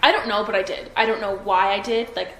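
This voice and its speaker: A woman's voice: mid-range voice, quick pace, sharp tone. A young woman in her twenties giving a police interview, hesitant and full of fillers and restarts. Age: 20s. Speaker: witness being interviewed by police. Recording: roomy room echo with faint noise.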